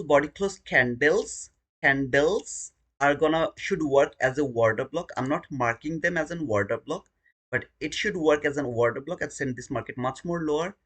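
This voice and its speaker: A man's voice: a little high, sharp tone, slightly rough. A man streaming his day trading live, talking through the chart and alternately pleading with the market and scolding himself.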